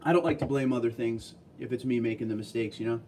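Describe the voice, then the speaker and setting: Man, livestream host, mellow voice, a little off-mic, faint background hum. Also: mid-range voice, fast, distant mic. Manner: relaxed, chatty, reads comments aloud and answers them. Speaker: livestream host reading viewer chat. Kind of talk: casual livestream chat.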